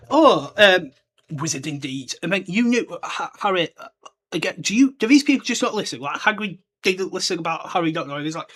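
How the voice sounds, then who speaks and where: A man's voice: high voice, expressive, fairly quick, bright, forceful tone. A man hosting a book podcast, rambling and chatty, with side remarks along the way. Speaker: podcast host. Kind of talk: casual chat, book discussion.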